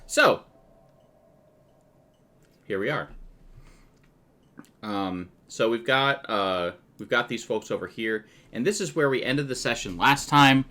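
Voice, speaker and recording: A man running a tabletop game as game master, chatty and loose in his narration and quick to laugh. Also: mid-range voice, sharp tone.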